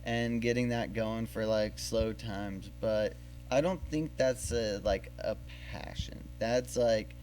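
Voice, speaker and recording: A man's voice: fairly low pitch, takes it slowly, darkish tone, soft background music. A man hosting a podcast in casual chat, rambling and thinking aloud with fillers. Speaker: podcast host.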